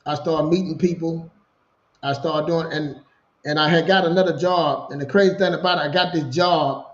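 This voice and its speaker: A man in his forties telling his own story in a casual, animated way, repeating himself and acting out the dialogue, over a video call. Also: on the high side, moderate pace, roomy sound, lo-fi sound. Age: 40s. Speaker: guest.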